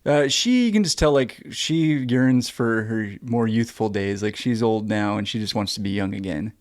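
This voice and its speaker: A man's voice: fairly low pitch, moderate pace, darkish tone, dry recording, studio quality. A man co-hosting a horror film podcast, chatting casually about a movie plot, joking and swearing. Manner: joking, profane, jumps in with silly character voices. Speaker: podcast co-host.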